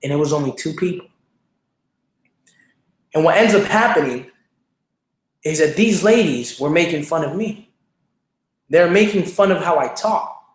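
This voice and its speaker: A man's voice: on the high side, animated, unhurried, long pauses, echoey room. A young man hosting a show, telling a motivational personal story in an earnest, repetitive way with many fillers. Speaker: show host, speaker.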